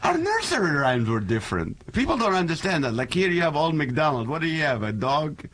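A man in his forties, a comedian guest on a chat show, who talks in an animated, joking way. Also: fairly high pitch, a little fast. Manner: animated and joking, laughs often. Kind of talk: casual chat with comic bits.

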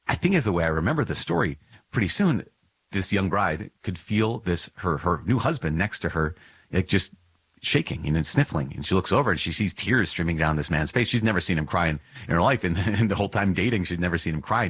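A man's voice: sits low, a bit bright, breathy edge, no room sound. A man hosting a podcast, reading and reflecting on a religious text. He speaks earnestly and emphatically, often repeats phrases, and chuckles now and then. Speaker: podcast host.

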